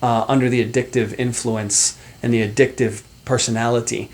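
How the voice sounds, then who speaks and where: A man's voice: mid-range voice, flat delivery, moderate pace. A middle-aged man, a life coach, talking animatedly and casually to the camera with many fillers and asides. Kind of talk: motivational talk to camera.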